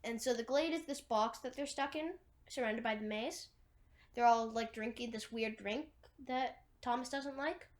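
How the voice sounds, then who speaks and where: A woman's voice: a little high, normal speed. A woman casually retelling a movie's plot, rambling with lots of fillers and restarts. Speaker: movie recapper.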